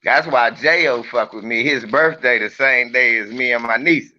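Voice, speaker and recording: A man's voice: medium pitch, moderate pace, bright, forceful tone, lo-fi sound. A man chatting on a livestream in a brash, profane, joking way and teasing his viewers. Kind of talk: casual livestream chat.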